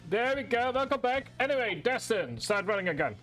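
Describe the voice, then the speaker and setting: A young man casually commenting on a game as he plays it live, excitable, swearing often and reading on-screen text aloud. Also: extremely high pitch, a little fast, faint music behind. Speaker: game streamer.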